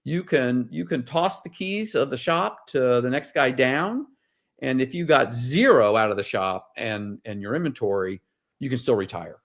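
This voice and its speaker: A man's voice: mid-range voice, animated, normal speed, fairly bright tone. A man, a financial advisor, talking casually as an interview guest and telling stories with many fillers and restarts.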